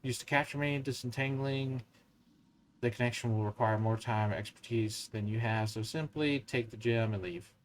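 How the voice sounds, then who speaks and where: A man's voice: medium pitch, normal speed, slight background noise, natural voice, poor audio. A man with a Southern US accent reading aloud the lines of a dead male wizard ghost bound to a soul gem, stumbling at times.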